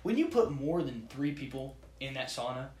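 A young man and baseball player telling a rambling, animated team-trip story in casual chat, acting out what everyone said. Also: mid-range voice, normal speed. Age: young adult. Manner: rambling, animated anecdote with acted-out quotes. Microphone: phone recording app. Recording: roomy echo, distant from the mic, faint ambience.

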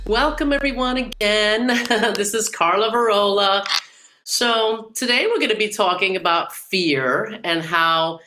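A woman's voice: mid-range voice, unhurried, over music, rough recording. A woman hosting a podcast, talking casually and rambling with fillers and laughs. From New York / New Jersey area. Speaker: podcast host.

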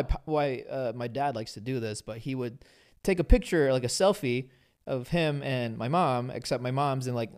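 Smooth-voiced young man sharing openly. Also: medium pitch. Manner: candid, halting, restarts often. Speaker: podcast co-host. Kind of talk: casual chat.

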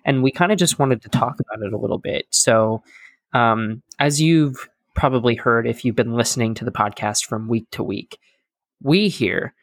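A man's voice: medium pitch, a bit bright, dry recording, clean studio sound. A young man hosting a podcast in casual chat, talking loosely with many fillers and joking at himself. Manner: chatty, filler-heavy, self-deprecating. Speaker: podcast host.

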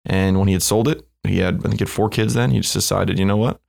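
Young man, from the US, podcast guest, startup founder, low voice, relaxed, conversational. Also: fast talker, creaky. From United States. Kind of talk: casual podcast interview.

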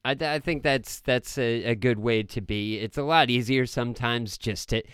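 A man co-hosting a podcast in casual chat, animated and joking, laughing often. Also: mid-range voice, moderate pace, clean tone, dry recording, studio quality. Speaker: podcast co-host.

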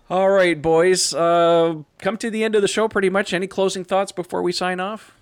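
A man's voice: sits high, steady tone, normal speed, clear, resonant tone. A man hosting a casual podcast chat, talking in a laid-back, rambling way that trails off into mumbles. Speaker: podcast host.

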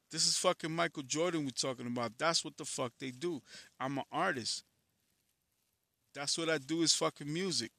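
A man's voice: on the high side, creaky, sharp tone, no echo. A man who is a musician, giving a blunt, profane, candid personal monologue, frustrated and reflective.

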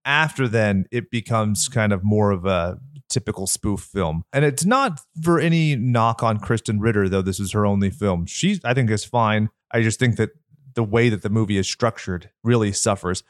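A man with a nasal voice co-hosting a podcast, talking in a rambling, candid, lively way. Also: lowish voice, moderate pace, no room sound. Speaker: podcast co-host. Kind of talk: casual podcast chat. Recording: dry close mic.

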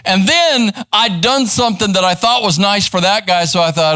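A middle-aged man, a pastor teaching live in church, conversational and animated as he tells a story. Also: sits high, quick pace, hardly any pauses, no room sound. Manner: animated, conversational, acts out quoted voices. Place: church sanctuary.

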